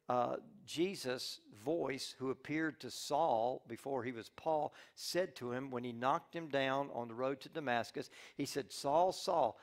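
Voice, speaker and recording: A male pastor preaching a sermon, telling a Bible story with lively acted-out character lines and frequent restarts. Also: mid-range voice. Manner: restarts and repeats words often.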